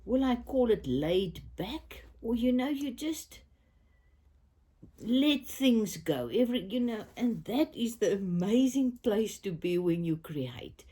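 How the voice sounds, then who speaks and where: A South African woman getting over a cold talks from her bed in an upbeat, affirming way, her voice husky and mellow. She speaks slowly, with pitch that rises and falls a great deal. At times she drops to a soft whisper. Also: animated. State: recovering from a cold, coughing. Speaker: crafting vlogger. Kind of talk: casual chat to camera. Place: bedroom, in bed.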